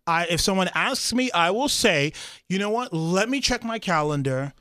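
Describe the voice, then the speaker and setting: A man chatting casually in a group conversation, playful and quick with jokes. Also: sits high, animated, pushed and bright, dry recording, studio quality. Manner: playful, jokey interjections.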